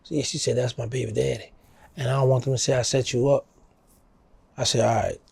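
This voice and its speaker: Gravelly New Orleans man telling a story. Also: a little fast, no echo. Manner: animated storyteller, acting out quoted voices in a higher pitch. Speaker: interview guest. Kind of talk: storytelling in a casual interview.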